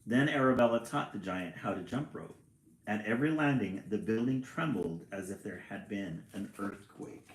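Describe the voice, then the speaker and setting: A man reading a picture book aloud on a livestream, chatty and quick to laugh, greeting viewers between pages. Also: lowish voice. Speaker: storyteller and livestream host. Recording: roomy echo.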